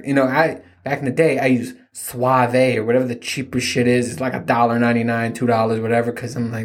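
With a steady, medium-pitched voice and a slightly fast pace, a podcast host in his thirties spins rambling, self-deprecating tales about his kids. He's casual, profane, and jokey throughout.

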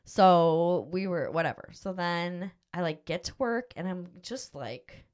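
A woman's voice: fairly low pitch, animated, a little slow, a little mellow, smooth. A middle-aged woman hosting a podcast, telling a personal story in a rambling, emotional way with lots of fillers. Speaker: podcast host. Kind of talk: casual storytelling chat.

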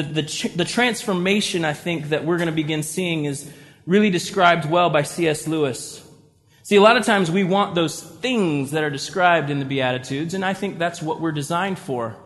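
A man preaching a conversational sermon as pastor, acting out inner voices with little sighs. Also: on the high side. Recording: long reverb of a church hall.

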